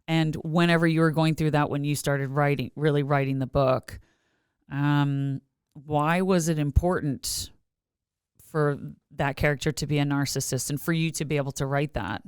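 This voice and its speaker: A woman hosting an interview, her voice very low and smooth. She speaks with a trained voiceover delivery and encourages her guest, and the sound is close and dry. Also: fairly even intonation, normal speed, darkish tone, no room sound. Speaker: podcast host. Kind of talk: casual interview chat.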